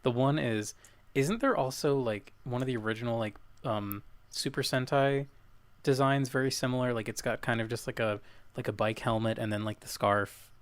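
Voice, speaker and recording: A man's voice: mid-range voice, moderate pace, no echo. A man co-hosting a casual film podcast, talking hesitantly with many fillers. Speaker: podcast co-host. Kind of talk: casual chat.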